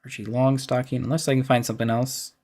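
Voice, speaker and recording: A man streaming as a dungeon master, thinking aloud while planning a game, halting and trailing off into mumbles. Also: medium pitch, little pitch movement, darkish tone.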